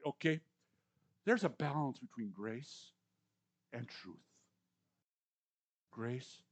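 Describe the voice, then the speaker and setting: A man in his sixties preaching a conversational sermon, repeating words for emphasis and swinging between loud and hushed lines. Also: medium pitch, animated, takes it slowly. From Canadian or US prairies. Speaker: pastor.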